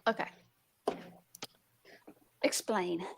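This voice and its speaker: A woman's voice: on the low side, very slow, gravelly. A woman hosting a casual group chat, exclaiming and asking guests about their week. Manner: lively, exclaiming, fussing with her gear.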